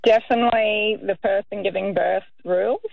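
A woman's voice: medium pitch, normal speed, gravelly. An easygoing woman calling in to a radio show. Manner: relaxed, easygoing. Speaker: caller. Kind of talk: phone-in chat. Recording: tinny phone line.

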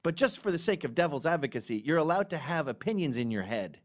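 A middle-aged man hosting a podcast, telling stories in an animated, sarcastic, casual way. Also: fairly high pitch, fast talker. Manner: animated storytelling with sarcastic asides. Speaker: podcast host.

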